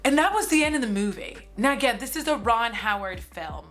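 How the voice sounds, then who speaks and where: A woman's voice: a little high, expressive, a little fast, fairly bright tone, faint music behind. A woman in her forties giving a casual, sarcastic movie recap, with lots of "like" and some swearing. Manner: chatty and sarcastic, heavy use of "like", swears freely. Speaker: movie commentary streamer.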